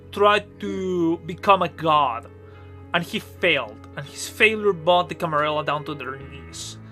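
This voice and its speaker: A man's voice: on the high side, sharp tone. A man acting as game master, narrating a tabletop horror game in a conversational way, with fillers and asides. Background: faint music.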